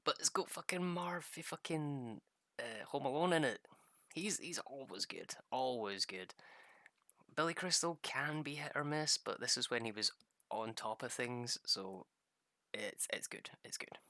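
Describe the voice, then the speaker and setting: A man's voice: mid-range voice, animated, a little slow, bright, forceful tone, no echo. A young man rambling through a casual gameplay chat, swearing freely and laughing at his own stories. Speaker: gaming streamer.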